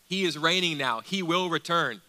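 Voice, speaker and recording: Bright-voiced man preaching a sermon. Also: a little high, moderate pace. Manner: emphatic preaching with rhetorical questions, dropping to quiet intensity. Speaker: pastor.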